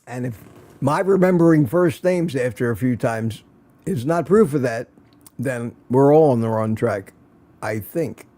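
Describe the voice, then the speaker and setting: An older man hosts a casual morning livestream, greeting viewers by name in a chatty, self-mocking manner. His voice is medium-pitched, mellow and unhurried.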